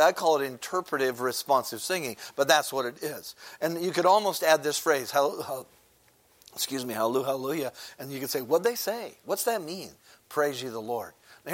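A man's voice: mid-range voice, a bit bright. A man gives a sermon in an easygoing, conversational way. He stops often to ask the people in front of him questions, and his talk is full of little fillers as he teaches. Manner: conversational teaching with frequent filler words, asks the congregation questions; briefly sings a short chorus. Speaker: preacher.

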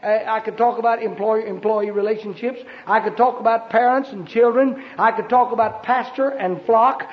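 A man preaching a sermon, emphatic and fervent, breaking into sudden shouts. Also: high-pitched, steady tone, moderate pace. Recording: dull lo-fi sermon recording.

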